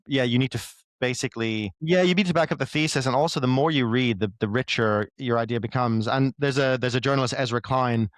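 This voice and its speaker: A man of middle pitch explains his ideas as a guest in a relaxed conversation, rambling and padding his sentences with fillers. His voice sits dry and close, with no room sound around it. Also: fast, few pauses, no echo. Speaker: guest writer. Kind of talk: casual podcast conversation.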